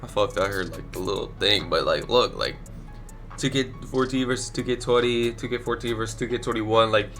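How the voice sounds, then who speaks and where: A man's voice: fairly low pitch, brisk, a bit bright, soft background music. A young man with a stuffy nose from allergies, casually rambling his blunt opinions as a gaming YouTuber into a desk microphone. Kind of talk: casual commentary ranking video games.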